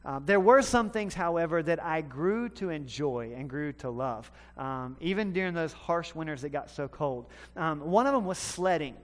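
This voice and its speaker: A man from the American South preaching a sermon, telling a story with animated swings between loud and hushed delivery. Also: fairly high pitch, moderate pace, hardly any pauses. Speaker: pastor. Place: church sanctuary. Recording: long hall reverb.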